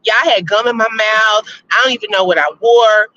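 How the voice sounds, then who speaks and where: A woman hosting a casual live-stream chat, reading viewer votes and telling stories, animated and laughing often. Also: on the high side, moderate pace, slight background noise. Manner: chatty, animated, laughs often, addresses listeners as y'all. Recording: slightly muffled lo-fi audio.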